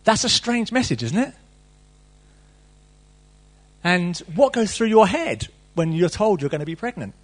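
Male preacher, middle-aged, husky, lively sermon delivery with playful asides. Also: high voice, normal speed. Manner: reads scripture then riffs animatedly, playful asides.

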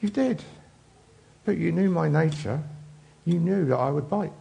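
A man voicing a small, cold snake that pleads for help and then plainly owns its biting nature, in a high storyteller voice. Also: lively intonation, a little slow, gravelly, dark tone, exaggerated voice. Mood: matter-of-fact.

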